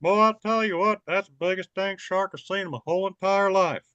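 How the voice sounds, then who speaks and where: A man's voice: high voice, a little fast, a bit bright, clear, resonant tone, no echo, lo-fi sound. A man doing impressions of folksy small-town cartoon neighbor men talking in a country drawl.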